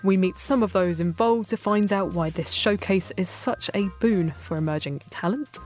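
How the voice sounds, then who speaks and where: A woman hosting a design radio show from the studio. She chats in a relaxed way. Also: mid-range voice, moderate pace, soft background music. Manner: chatty, relaxed. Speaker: radio host.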